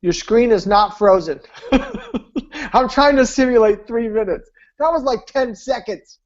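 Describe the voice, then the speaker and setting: A man's voice: very high voice, a little slow. A man tells success stories to sell his weight-loss program, hammering his points with emphatic repetition. He speaks over a video call. The audio sounds dull and lo-fi. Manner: emphatic, repetitive preacher-like delivery. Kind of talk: storytelling sales talk.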